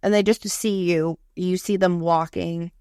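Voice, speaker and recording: A woman's voice: on the low side, fairly even intonation, unhurried, darkish tone, smooth, dry recording, studio quality. A young woman co-hosting a podcast in casual chat, blunt and profane, often acting out what coworkers say. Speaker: podcast co-host.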